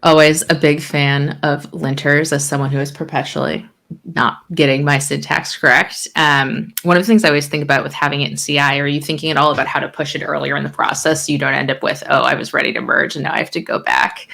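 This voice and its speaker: A woman on a panel, self-deprecating and quick, asking a technical question. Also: deep voice, fairly even intonation, creaky, pushed and bright.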